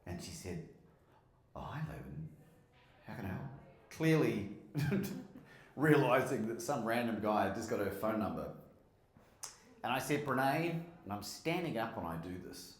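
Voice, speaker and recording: An Australian man from Melbourne, a motivational speaker and podcast host, gives an animated live keynote and tells stories while asking the audience questions. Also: mid-range voice, measured pace. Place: conference hall with a live audience. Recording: roomy hall sound.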